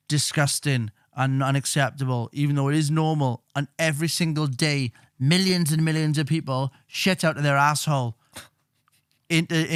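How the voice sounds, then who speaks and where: A man's voice: fairly high pitch, smooth, no room sound, clean studio sound. A man co-hosting a podcast, rambling in crude, sweary casual chat. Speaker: podcast co-host.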